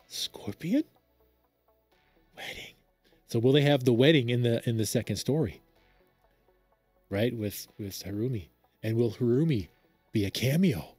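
A man hosting a reaction video, gushing and rambling as he comments on a game trailer. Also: medium pitch. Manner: excitable, gushing, loud exclamations and laughter; rambling fan commentary with restarts. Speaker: reaction channel host.

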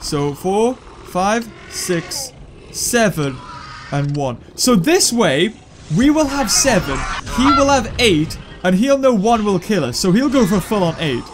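High, lively gamer commentator. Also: male voice, a little slow, noisy background. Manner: excitable, thinking aloud, sudden high yelps. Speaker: gaming YouTuber. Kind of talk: live gameplay commentary. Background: game music.

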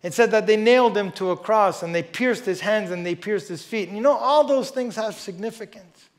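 A pastor preaching a sermon and reading scripture aloud, emphatic, moving between loud stresses and quiet asides, with conversational "you know" remarks. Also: male voice, sits high, fairly quick. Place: church service before a congregation.

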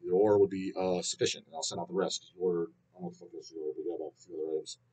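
A man hosting a metal channel, ranting bluntly and with heavy swearing in casual talk to viewers, with frequent restarts and drawn-out fillers. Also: sits low, fairly even intonation, mellow, slightly rough. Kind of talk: casual rant answering viewer questions.

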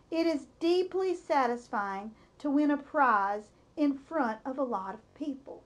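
Slow, expressive woman storyteller. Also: high-pitched. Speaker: storybook reader. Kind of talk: reading a children's novel aloud.

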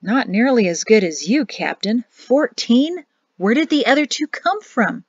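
A woman's voice: on the high side, very animated, unhurried, breathy edge, no echo, voice pushed up, full character voice. Woman voicing a loyal young lieutenant. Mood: astonished. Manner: earnest, respectful. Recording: dull dry home recording.

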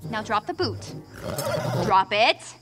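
An actress voicing a kind young princess who coaxes and sweet-talks a horse in an animated film. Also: female voice, mid-range voice, takes it slowly, over music. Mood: coaxing. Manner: sweet, coaxing.

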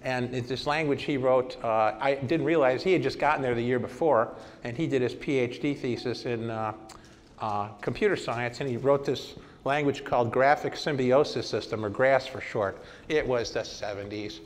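A man in his sixties giving a conference talk and telling lively anecdotes. He acts out old conversations as he goes. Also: medium pitch, normal speed, slight background noise. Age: 60s. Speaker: conference speaker. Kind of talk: presentation talk with storytelling. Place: hall at a vintage computer festival. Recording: long hall reverb.

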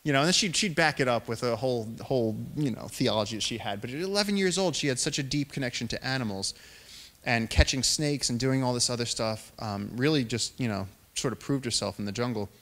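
A man in his thirties speaks to an audience as a naturalist telling stories from his expeditions. He performs the quoted lines, jumping up in pitch and volume for the other voices. His voice sits in an ordinary middle male range. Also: brisk. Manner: animated storyteller, acts out quotes in raised voices. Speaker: naturalist and explorer giving a public talk. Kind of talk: storytelling lecture.

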